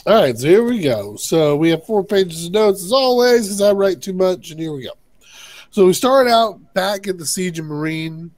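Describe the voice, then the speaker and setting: A man in a fairly high register, walking a friend through every twist of an episode. He plays the characters' lines with little bursts of laughter. The mic is close and the room dry. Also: moderate pace, no echo. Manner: animated retelling, acts out characters' lines with laughs. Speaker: co-host recapping an episode. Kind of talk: casual recap chat.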